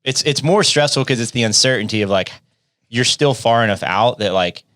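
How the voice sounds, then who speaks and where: A man's voice: mid-range voice, brisk, a bit bright, no room sound, studio quality. A man hosting a podcast, telling a story in casual chat with lots of fillers and laughs. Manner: laughing, filler-heavy retelling. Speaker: podcast host and coach.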